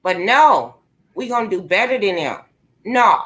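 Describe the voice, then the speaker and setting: A woman's voice: fairly high pitch, expressive, normal speed, bright, forceful tone. A woman ranting angrily and profanely straight into her computer microphone. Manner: angry, profane, confrontational. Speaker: vlogger. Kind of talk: heated direct-to-camera rant. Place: indoors at a computer.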